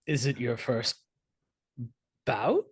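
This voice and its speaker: A player doing a brusque, old-fashioned gentleman with clipped speech, delivered slowly with lively swings in pitch. The sound is dry and close. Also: husky, no room sound, exaggerated voice. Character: older British gentleman Sir Atticus, blunt. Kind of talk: tabletop role-play.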